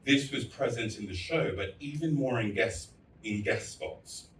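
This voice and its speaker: A man's voice: medium pitch, unhurried, a bit bright, slight background noise. A man giving a candid, storytelling speech to fellow artists, with blunt and crude humor. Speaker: festival speaker. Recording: echoey hall, voice from far off.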